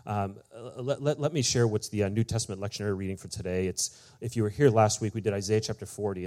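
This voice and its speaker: A man, the pastor, telling a personal story in a sermon, chatty and full of "like" and "you know", acting out each quoted line with big jumps in his voice. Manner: animated storyteller, acts out quoted lines with big pitch jumps; casual, many fillers like "like" and "you know".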